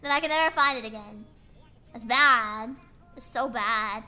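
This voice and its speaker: Young woman streamer, high, very bright voice, rambling self-mocking chat, soft music behind. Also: a little slow. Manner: rambling, playful, self-mocking, with frequent fillers. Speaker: VTuber streamer. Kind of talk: casual chat while drawing on stream.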